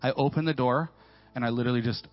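A man in his forties preaches in a church, dropping to a near hush and then climbing loud as he tells his stories with playful, slangy asides. The sound is dull and lo-fi, with faint music underneath. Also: medium pitch, fast talker. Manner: animated storytelling, swinging from hushed to loud. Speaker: pastor. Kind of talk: sermon.

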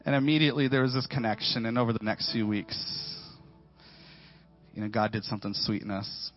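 Preaching a sermon in church, a pastor in his forties tells stories with animated energy, sinking to a near hush before rising loud, and tosses in playful slangy asides. His voice sits on the low side and moves fairly quickly, while the recording is dull and lo-fi with faint music beneath.

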